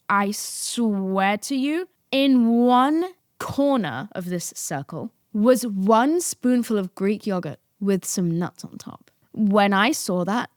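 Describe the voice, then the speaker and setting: A young woman hosting a podcast, telling a story in a casual, animated way, swearing and breaking into laughter. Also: medium pitch, no echo, studio quality. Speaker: podcast host.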